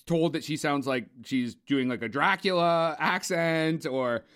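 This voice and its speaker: A man's voice: on the high side, measured pace, a bit bright. Opinionated man ranting about films. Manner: opinionated, profane, rambling. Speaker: podcast co-host, film reviewer. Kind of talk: casual movie review chat.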